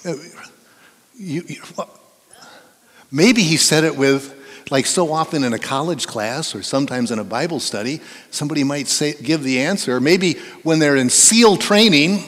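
Preaching in a church sanctuary, the middle-aged pastor coaxes his congregation to join in, keeping things playful and conversational. His voice is a little high with a fairly bright tone, echoing with long hall reverb.

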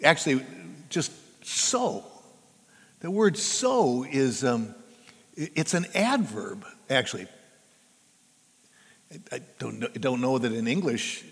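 An older man preaching a sermon as pastor, halting and repeating himself, then landing hard on key words. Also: medium pitch, lively intonation, creaky, a bit bright, husky. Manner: halting, repeats words, building to emphatic stresses. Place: church sanctuary. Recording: long church reverb.

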